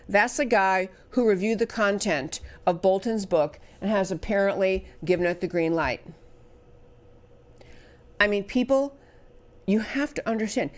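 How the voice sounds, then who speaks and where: A woman hosting a political talk show, delivering an emphatic, indignant commentary monologue with restarts and stumbles. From United States. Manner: emphatic and indignant, voice rising high on outrage; spells out words and stumbles into restarts.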